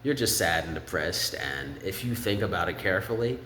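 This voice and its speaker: A man's voice: animated, moderate pace, pushed and bright, soft background music. A man casually breaking down song lyrics, rambling and thinking aloud. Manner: rambling, sings snippets of lyrics in falsetto. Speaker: music commentator. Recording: echoey room with faint ambience.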